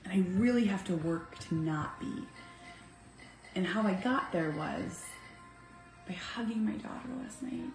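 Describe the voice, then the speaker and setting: A woman in her thirties, a mother talking heartfelt and earnest to her viewers, swinging from soft to emphatic. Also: on the low side, animated, unhurried, pauses often. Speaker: vlogger, mother. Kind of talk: heartfelt casual talk to camera. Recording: echoey room with faint music.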